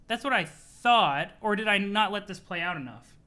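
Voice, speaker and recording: A streamer reading a webcomic aloud live, chatty and excitable, reacting to chat. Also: mid-range voice, moderate pace.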